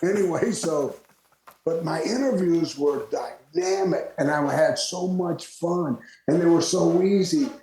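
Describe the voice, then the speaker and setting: An older man from Florida, a retired wrestler, telling lively stories as a guest and laughing often. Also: fairly high pitch, unhurried, crowd noise. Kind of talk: storytelling interview. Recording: roomy echo.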